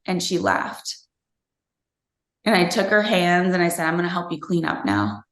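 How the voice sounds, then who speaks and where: A woman's voice: lowish voice, big pitch swings, moderate pace, long pauses, fairly bright tone. A woman in her thirties, interviewed, earnestly and reflectively telling a personal story from her own family life. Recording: roomy echo.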